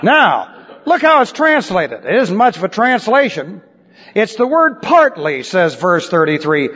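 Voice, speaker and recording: A man preaching a sermon, wry and lively, dropping into sly asides. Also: sits high, a little slow, husky. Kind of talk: expository sermon. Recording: dull recording in a large reverberant hall.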